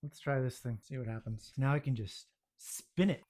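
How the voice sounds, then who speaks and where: A man's voice: mid-range voice, steady tone, normal speed, few pauses, darkish tone. Exasperated man muttering while baking. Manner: self-deprecating, exasperated muttering. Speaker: home baking vlogger. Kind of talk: casual self-narrated kitchen vlog. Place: home kitchen.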